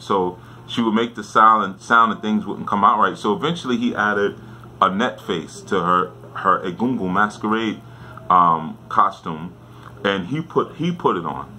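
Male teacher, deep and forceful, relaxed storyteller who keeps checking in with listeners; faint noise behind. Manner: conversational, often checks in with "right?". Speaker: spiritual teacher. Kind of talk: casual storytelling lesson.

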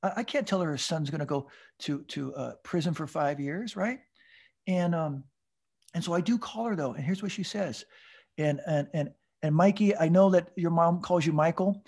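Husky, animated man telling his story. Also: fairly high pitch, normal speed. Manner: animated, with stammered repeats and laughing asides. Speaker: podcast guest. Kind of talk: storytelling recovery testimony.

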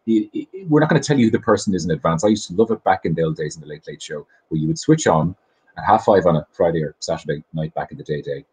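Brief: chatty Irish host, middle-aged, deep voice, lively delivery, recorded at home on a webcam. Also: male voice, fast talker, husky, poor audio. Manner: chatty, enthusiastic, self-deprecating. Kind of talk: casual chat show monologue. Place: home kitchen.

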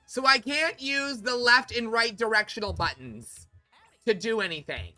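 A woman's voice: a little high, animated, moderate pace, sharp tone, faint music behind. A woman streaming a game, talking in a frustrated, swearing, exasperated way. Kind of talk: live game stream commentary.

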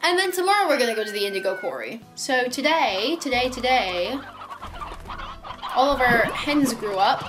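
A young woman with a fairly high voice talks her way through a video game, chatty, playful and quick to mock herself. She chatters to the little creatures on screen. Upbeat game music plays clearly behind her. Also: very animated. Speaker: gaming YouTuber. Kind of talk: casual let's-play commentary.

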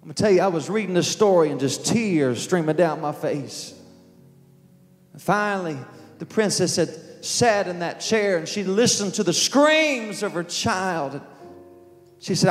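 Slow, high-voiced preaching man. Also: expressive, big-room sound. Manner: slow, emotional storytelling with quoted voices. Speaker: pastor. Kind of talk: sermon storytelling. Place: church sanctuary. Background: soft music.

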